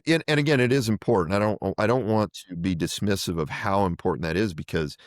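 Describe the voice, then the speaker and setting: A man's voice: deep voice, clean tone, no echo, clean studio sound. A middle-aged fire chief talking in an earnest, thoughtful way in a podcast interview, often repeating words as he searches for his phrasing.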